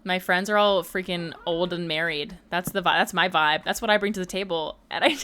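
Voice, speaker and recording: A woman's voice: on the low side, normal speed, fairly bright tone. A woman in her mid-twenties chatting casually and teasing her viewers during a late-night gaming livestream. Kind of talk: casual chat while gaming.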